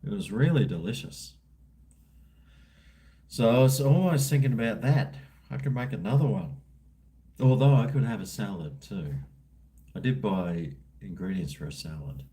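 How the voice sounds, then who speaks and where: This middle-aged Australian livestreamer has a lowish, warm drawl with lively intonation, a moderate pace, and frequent pauses. He rambles easily through viewer comments in a laid-back, slangy chat.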